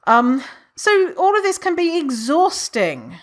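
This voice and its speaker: Woman, podcast host, casual monologue, animated, swears a lot, acts out quotes in a raised voice. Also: slow pace. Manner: chatty and animated, swearing, acting out quotes in a higher voice.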